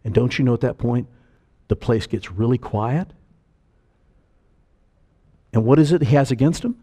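An older pastor delivers a lively sermon, imitating the voices of the people he quotes. His voice sits in the mid range and moves at a normal speed.

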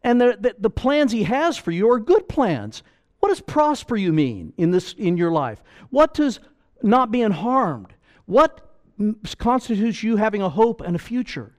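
A man's voice: high-pitched, very animated, unhurried. A man preaching a sermon as pastor, emphatic and pleading, full of rhetorical questions.

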